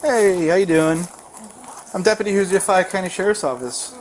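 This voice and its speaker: A man, a sheriff's deputy, questioning people calmly with short acknowledgments. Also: high-pitched, normal speed. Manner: calm, repeats short acknowledgments. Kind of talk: police questioning. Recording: noisy body camera audio.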